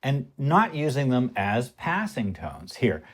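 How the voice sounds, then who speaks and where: A man's voice: medium pitch, wildly swooping pitch, slow. A man explaining music theory at the piano in a conversational way, often asking rhetorical questions. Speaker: music teacher. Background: piano playing.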